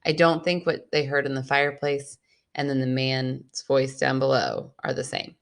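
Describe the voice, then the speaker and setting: A woman's voice: very deep voice, moderate pace. A woman co-hosting a podcast, reading a listener's ghost story aloud and teasing her sister. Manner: playful, teasing. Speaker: podcast co-host.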